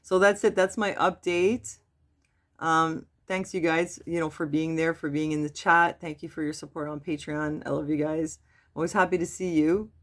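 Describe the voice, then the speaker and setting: A middle-aged woman giving a casual, halting personal update to her webcam, with frequent restarts. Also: low-pitched, little pitch movement. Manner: soft, halting, with many restarts and fillers. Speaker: vlogger.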